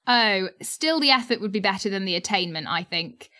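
Bright, chatty woman host. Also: mid-range voice, expressive, moderate pace. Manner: upbeat, chatty, laughs easily. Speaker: podcast host. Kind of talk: casual chat.

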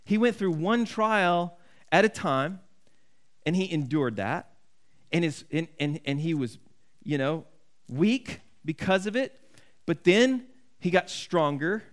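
A man preaching a sermon in a somewhat high voice. He talks in an earnest, conversational way and often restarts his sentences. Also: lively intonation, takes it slowly. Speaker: pastor.

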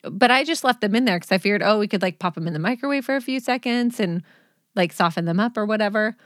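A woman's voice: mid-range voice, animated, quick pace, dry recording, clean studio sound. A woman in her forties, a mother co-hosting a podcast from home, telling stories bluntly and laughing often. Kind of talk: casual chat.

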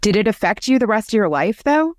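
A podcast host asking gentle, empathetic interview questions. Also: mid-range voice, big pitch swings, a little fast, no room sound, clean studio sound.

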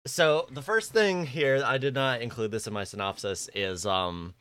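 A man's voice: medium pitch, normal speed, a bit bright, clean tone, dry recording. A man co-hosting a podcast, chatting about old films in a thoughtful, hesitant way. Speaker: podcast co-host. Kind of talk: casual recap chat with film trivia.

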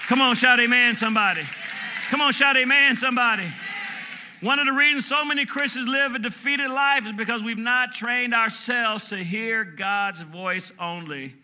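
A man in his fifties preaching a sermon from Michigan, shouting call-and-response lines and chanting repeated words. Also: extremely high pitch, moderate pace, a crowd in the background, noisy background. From Michigan, USA. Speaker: pastor.

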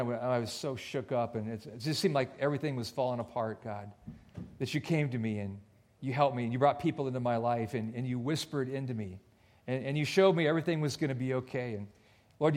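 Earnest male pastor preaching. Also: mid-range voice. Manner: earnest, dips to near-whisper on soft points. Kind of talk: sermon. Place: church.

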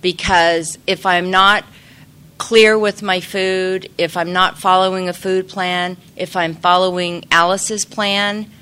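A middle-aged woman with a slightly low voice shares her recovery story in a casual testimony. She talks chattily and pokes fun at herself, with plenty of fillers and restarts. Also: level tone, slow, sharp tone, clear, resonant tone. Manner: chatty, self-deprecating, frequent fillers and restarts. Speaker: speaker sharing recovery story.

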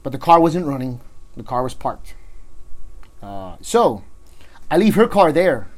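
A man's voice: medium pitch, a little slow, poor audio. A middle-aged man, a police officer, telling a story in casual chat, swearing freely and acting out what people said. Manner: profane, animated retelling, acts out others' lines.

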